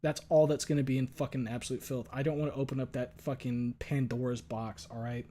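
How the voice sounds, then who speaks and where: A man's voice: medium pitch, level tone, a little fast, mellow. Joking, foul-mouthed male streamer. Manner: joking, profane, reads chat aloud. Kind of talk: casual livestream chat.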